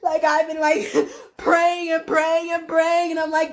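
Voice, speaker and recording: Woman, high voice, tearful, agitated, profane rant to camera. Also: completely flat delivery, takes it slowly. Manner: agitated, profane, veering between laughter and tears. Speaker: vlogger.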